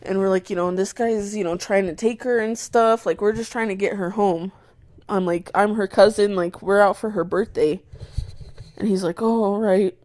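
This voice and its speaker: A young woman on a podcast tells a story in a loose, animated way. She curses freely and bursts into the shouted lines she is quoting. Her voice is mid-pitched, recorded close and dry, with no room sound. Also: moderate pace, dry recording. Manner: animated retelling, swears a lot, acts out her own shouts. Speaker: podcast co-host. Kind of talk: casual storytelling chat.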